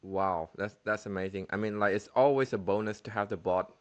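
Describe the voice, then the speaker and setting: A man's voice: on the low side, brisk. A man hosting a casual call, asking loose, rambling questions full of fillers. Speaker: host. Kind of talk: casual video-call interview.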